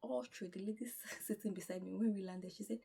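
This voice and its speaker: A tired young woman from Nigeria, chatting through a lively, casual travel story outdoors. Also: mid-range voice, quick pace, vocal fry, husky. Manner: animated, chatty, acts out quoted dialogue. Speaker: travel vlogger.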